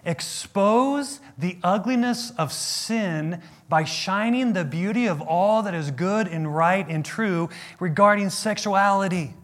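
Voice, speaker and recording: A middle-aged man delivers a sermon in a notably high voice. He takes his time, leaning on emphatic repetition and rhetorical questions as he addresses his listeners. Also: slow, hardly any pauses, fairly bright tone. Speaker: pastor.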